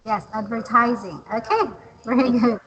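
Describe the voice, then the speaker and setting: A woman tutoring English, patient and encouraging, modeling words slowly for a learner. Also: a little high, steady tone, fairly bright tone, highs cut off. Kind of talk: online English lesson.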